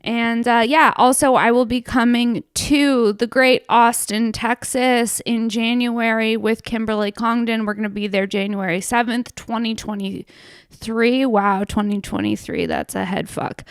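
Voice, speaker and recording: A young woman comedian hosting her own show in a casual, profane monologue, swinging between hushed asides and loud outbursts. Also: on the high side, steady tone, a little slow, smooth, no echo, clean studio sound.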